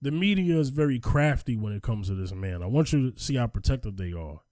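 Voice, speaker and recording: A man hosting a casual podcast discussion, animated and emphatic, often repeating himself for effect. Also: mid-range voice, brisk, no room sound, studio quality. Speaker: podcast host.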